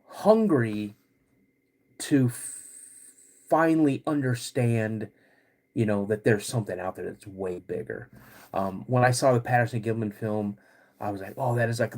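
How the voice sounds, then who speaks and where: A middle-aged man hosting a casual livestream, laid-back and rambling, clearing his throat often as he gets over a cold. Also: lowish voice, a little mellow. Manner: laid-back and rambling, greets chat viewers between stories. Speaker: podcast host.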